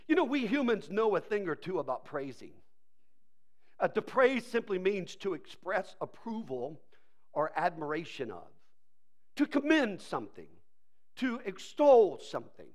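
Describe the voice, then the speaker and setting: A man's voice: high-pitched, sing-song, moderate pace. A man preaching a sermon as pastor, joking and acting out playful voices.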